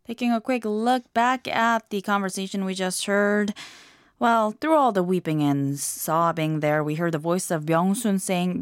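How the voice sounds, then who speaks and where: A woman hosting a scripted language lesson, explaining phrases in a clear, measured way. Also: medium pitch, expressive, no echo, clean studio sound. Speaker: host.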